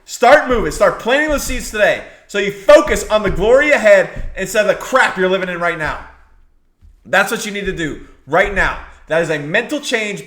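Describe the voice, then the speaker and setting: High-voiced preacher in an echoey room. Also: male voice, a bit bright. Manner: exhorting, repeats phrases for emphasis. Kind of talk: sermon.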